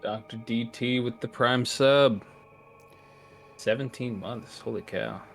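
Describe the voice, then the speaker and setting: An upbeat man co-hosting a game stream, casual and friendly. He reads out viewer shoutouts and lays out the stages of a fight. Soft music plays underneath. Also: medium pitch, takes it slowly, vocal fry. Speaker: esports co-commentator.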